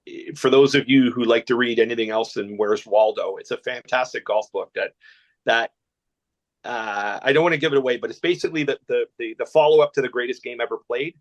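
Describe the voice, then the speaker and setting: A man from Canada is telling a long, rambling story as a guest. His delivery is animated and full of restarts, and his voice sits in a middle pitch. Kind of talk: storytelling anecdote.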